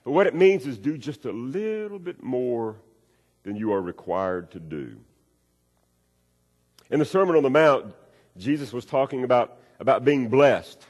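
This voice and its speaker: A man preaching a sermon, folksy and storytelling, repeating his key phrases. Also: mid-range voice. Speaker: pastor. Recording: long reverb of a large hall.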